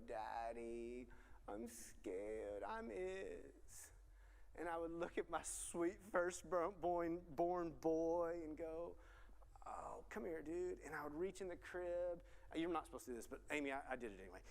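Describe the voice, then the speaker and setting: A man, giving a casual college sermon and joking with the crowd. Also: on the high side. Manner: chatty, joking with the audience, says y'all. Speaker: college ministry teacher. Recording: echoey hall with long reverb.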